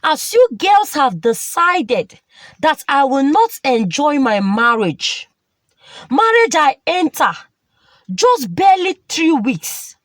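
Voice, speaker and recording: A woman voicing a bitter newlywed woman who scolds and whines in a high, shrill voice. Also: sing-song, takes it slowly, no room sound, heavily acted. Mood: scolding.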